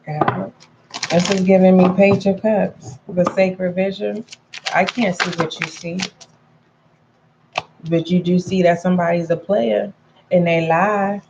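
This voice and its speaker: A woman's voice: lowish voice, little pitch movement, unhurried, creaky, long pauses, lo-fi sound, noisy background. A woman giving a casual tarot reading to her viewers, chatty and frank, calling them pet names and repeating points for emphasis. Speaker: tarot reader.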